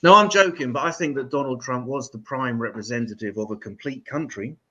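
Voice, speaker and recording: A man's voice: medium pitch, fairly quick, lo-fi sound, background noise. An English man hosting an open mic comedy show, with profane, self-mocking stand-up banter. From England.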